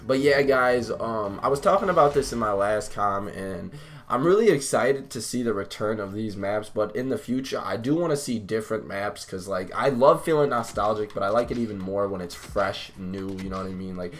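A man's voice: on the low side, normal speed. A young man giving live commentary over his own gameplay, talking to viewers, swearing, and getting hyped at his teammates. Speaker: gaming YouTuber.

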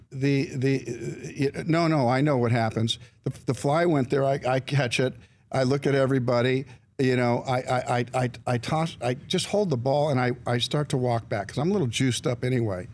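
A man of mid-range pitch tells a long anecdote as an interview guest. He talks in halting bursts, repeating words and restarting sentences. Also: darkish tone. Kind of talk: storytelling anecdote.

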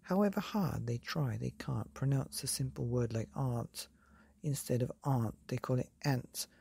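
A woman reading a rhyming story aloud at bedtime, soft and half-whispered. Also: rumbling low, expressive, moderate pace, vocal fry, husky. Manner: soft, half-whispered, sing-song rhyme.

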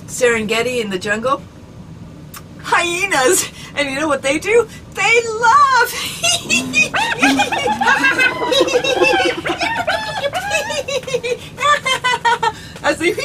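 A woman from Canada leading a playful guided laughter exercise, bubbly and giggly with lots of exclamations. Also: high voice. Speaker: laughter club leader. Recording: distant mic with noticeable background noise.

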